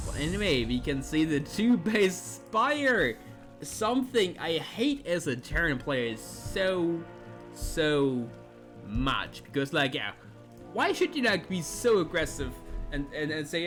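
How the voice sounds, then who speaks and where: A man casting a live strategy game match, animated and joking, acting out the players in little quoted voices. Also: high-pitched, unhurried. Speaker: esports caster. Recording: music playing under the voice. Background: music.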